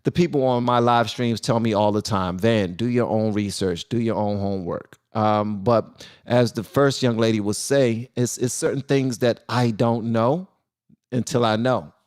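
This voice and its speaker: A man's voice: mid-range voice, steady tone, moderate pace, a little mellow. A man hosting a casual live stream and talking loosely, with many fillers and restarts.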